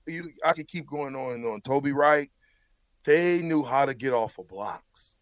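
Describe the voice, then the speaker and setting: A man's voice: mid-range voice, dry recording. A man, a former player, breaking down a football game in blunt, emphatic casual talk, often stumbling over repeated words.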